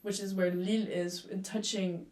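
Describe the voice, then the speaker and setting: A woman's voice: mid-range voice, moderate pace. A young woman from France with a French accent, a guest chatting casually and laughing easily. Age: young adult. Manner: laughs easily, playful and animated. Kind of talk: casual chat. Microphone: video call. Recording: echoey room, far from the mic.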